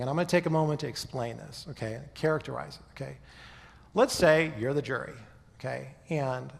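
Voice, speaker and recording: A man gives a conversational lecture, his fairly high voice carrying through a hall with a long reverb tail. He keeps checking in with the audience as he explains each point. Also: gravelly. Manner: conversational lecturer, often checks in with "okay?" and "right?". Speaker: speaker giving a talk on faith and history. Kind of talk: presentation to a live audience.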